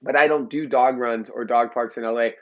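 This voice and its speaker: Brisk and steady at a medium pitch, a man lectures into the camera in a muffled recording. He's a Los Angeles dog trainer, opinionated, blunt, heated and swearing freely.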